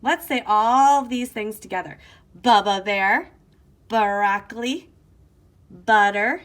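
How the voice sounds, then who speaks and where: A woman teacher giving an online phonics lesson to young children in a slow, sing-song, encouraging way, recorded on her device's camera mic. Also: medium pitch.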